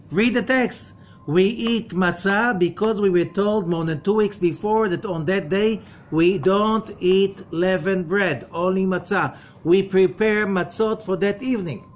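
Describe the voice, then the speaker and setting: Male rabbi-teacher, a touch high-pitched, emphatic lecturer who questions the room and hushes for warnings. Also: unhurried, a little hiss or hum. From from outside America. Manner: emphatic, full of rhetorical questions; drops to a low, quiet voice for warnings. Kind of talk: lecture to a study group.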